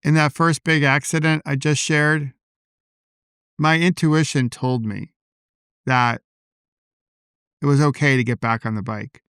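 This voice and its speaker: Man, podcast host, reflective solo talk, calm and personal, dry close mic. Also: a little high, measured pace, pauses often, clear, resonant tone, no room sound. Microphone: podcast microphone.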